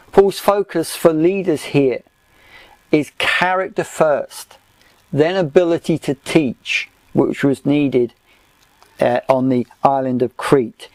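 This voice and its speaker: Male Bible teacher, unhurried, halting lecture delivery, dry close recording. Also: on the high side, a little mellow, dry recording. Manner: slow, measured, with frequent "uh" pauses.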